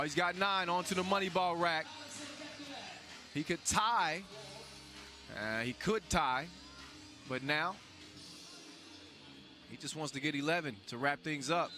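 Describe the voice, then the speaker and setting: A man calls a live shooting contest in a loose, joking commentary style, stumbling through fillers and restarts. His voice sits a little high for a man. Music plays clearly under him throughout. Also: a little slow, long pauses. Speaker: sports commentator. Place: basketball event venue.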